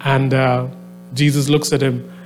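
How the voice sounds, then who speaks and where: A man with a mid-range voice and level tone preaches at a measured pace, faint music behind him. He tells a story conversationally, full of fillers, then builds into a fervent exhortation to a live audience at a venue with a soundboard.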